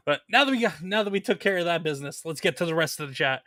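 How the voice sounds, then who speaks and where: A man's voice: a little high, animated, racing, pushed and bright, no room sound, clean studio sound. A man hosting a casual live stream about comic books, chatting loosely and reading viewer messages, with plenty of fillers and restarts.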